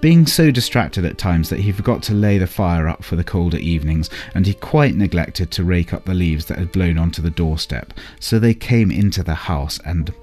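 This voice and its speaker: A man narrating a bedtime story in a calm, unhurried way. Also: deep voice, faint music behind.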